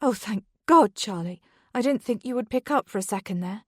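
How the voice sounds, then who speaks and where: A woman's voice: mid-range voice, animated, normal speed, a little mellow, husky, no echo, clean studio sound. A woman voicing a frightened mother who pleads with her husband in a raised, emotional voice. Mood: pleading.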